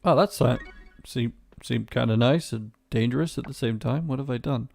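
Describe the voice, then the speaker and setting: Male game streamer, casual commentary, gravelly, sweary rants. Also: mid-range voice, moderate pace, a little mellow. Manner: chatty, sweary, ranting asides.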